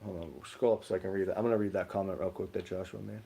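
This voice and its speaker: On this livestream, a young co-host chats casually, wanders through rambling stories, and reads out viewer comments, leaning heavily on the word "like." He speaks low and rapid-fire in a steady tone, his voice gravelly, mellow, and slightly rough.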